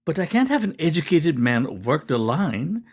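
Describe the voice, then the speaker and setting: A man's voice: on the high side, big pitch swings, normal speed, slightly rough, pitched above the performer's own voice, exaggerated voice. Man doing a hearty Norwegian-accented boss. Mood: persuasive. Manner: effusive, exclaiming. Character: young male cannery boss, hearty and pompous.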